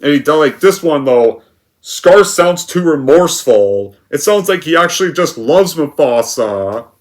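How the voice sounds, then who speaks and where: A man with a somewhat high voice rants through a movie review. He rambles, scatters "like" fillers everywhere and sounds scornful and exasperated. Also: expressive, a little slow. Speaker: film reviewer.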